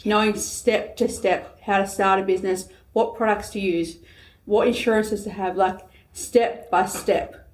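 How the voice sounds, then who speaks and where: A woman's voice: mid-range voice, fairly even intonation, measured pace. A woman who runs a cleaning business, earnestly recommending something in a roundtable chat. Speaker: forensic cleaning business owner, guest.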